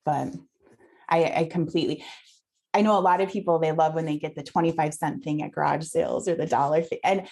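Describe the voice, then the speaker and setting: A woman's voice: low voice, steady tone, a little fast, gravelly, darkish tone. A woman guest on a podcast, chatting casually and telling at length about the items she has found to resell. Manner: chatty, telling her own finds at length. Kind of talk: casual interview chat.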